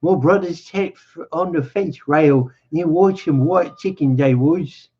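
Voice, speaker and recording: A man voices a needling, lonely older male stable hand in a husky, slightly slow, drawn-out delivery with raised pitch. The lo-fi recording sounds dull, and the tone is wistful.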